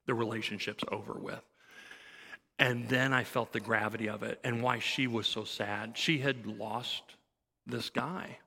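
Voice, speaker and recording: Male pastor, gravelly voice, bright tone, storytelling sermon, reverberant sanctuary. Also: medium pitch, steady tone, a little slow. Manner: conversational storytelling, acting out dialogue.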